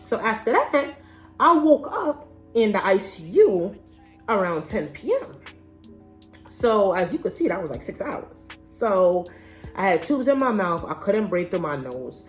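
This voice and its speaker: A woman's voice: mid-range voice, big pitch swings, unhurried, soft background music. A young adult woman telling a personal story in a casual vlog, candid and slangy. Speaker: vlogger.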